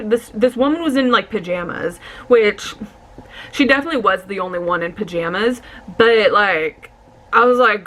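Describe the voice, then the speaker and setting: A young woman tells a funny story to her camera, lively and blunt, with a few swear words. Her voice sits a little high and sounds bright and clear. She acts out the lines of the people in the story. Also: a little fast. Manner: animated, swearing, laughing, acting out quotes. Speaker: vlogger. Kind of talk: casual storytime.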